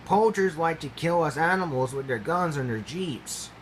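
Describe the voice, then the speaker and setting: A man's voice: a little high, animated, normal speed, a little hiss or hum, lightly acted. A man voicing a stern, curt male animal boss in a storybook reading.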